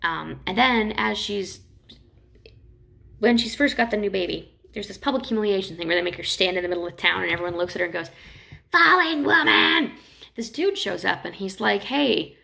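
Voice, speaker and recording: A woman teaching literature in a casual, chatty lecture, retelling stories with quick acted quotes. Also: mid-range voice, creaky, fairly bright tone.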